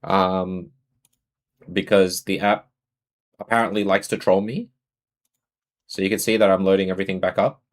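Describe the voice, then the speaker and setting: A man's voice: low-pitched, steady tone, normal speed, long pauses. A man with an Australian accent chatting casually on a live stream, greeting and answering his viewers.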